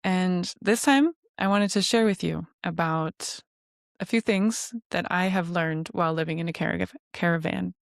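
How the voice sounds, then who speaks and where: A woman's voice: on the low side, moderate pace, vocal fry, no echo, clean studio sound. A middle-aged woman hosting a podcast, talking in a chatty, reflective way with many fillers. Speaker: podcast host. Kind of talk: casual podcast monologue.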